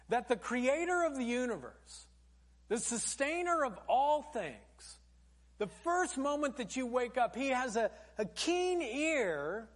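A man preaching a sermon as pastor in a conversational way, often calling his listeners "folks". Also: very high voice.

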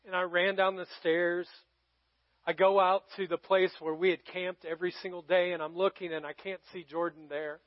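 A middle-aged male pastor telling a personal story in a sermon, conversational, swinging from loud calls to hushed moments. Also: high-pitched, little pitch movement, moderate pace, no room sound, muffled recording.

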